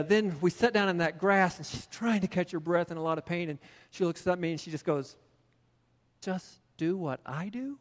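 A middle-aged male pastor with a notably high voice delivers a sermon, moving from a casual personal story into emphatic preaching. His words echo with the long reverb of a church sanctuary. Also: smooth.

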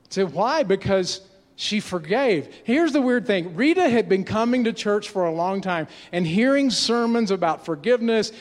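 A pastor in his sixties telling a story in a sermon, in animated, conversational delivery with frequent restarts, in a church sanctuary. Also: high-pitched, normal speed. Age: 60s. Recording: long reverb of a large hall.

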